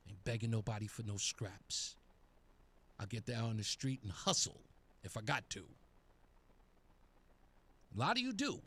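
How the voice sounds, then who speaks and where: A man's voice: medium pitch, a bit bright. A male talk radio host delivering a taunting, sarcastic monologue.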